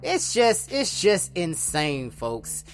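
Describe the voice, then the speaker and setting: A man's voice: high-pitched, sing-song, slow, soft background music. A man reading news stories aloud on his podcast, stumbling over words, then breaking into slangy, profane commentary. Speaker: podcast host.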